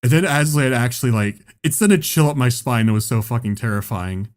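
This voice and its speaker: A man telling a story in casual chat. He is animated and swears often, and he laughs at his own story. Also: medium pitch, fairly quick. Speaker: podcast host.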